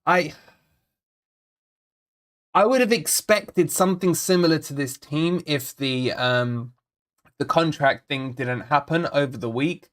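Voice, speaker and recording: A man's voice: on the high side, slow pace, long pauses, fairly bright tone. A man hosting a live football watch-along, chatting casually to viewers, rambling and repeating himself as he frets over the team and reads out chat messages. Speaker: fan channel host.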